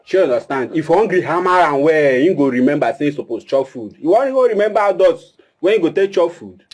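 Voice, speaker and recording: A man speaking Nigerian Pidgin plays a brash, dismissive kidnapper who jokes loudly. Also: on the high side, lively intonation, fairly quick. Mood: cocky. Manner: boastful, dismissive, loud banter. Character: brash young male kidnapper, cocky and dismissive. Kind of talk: film drama acting.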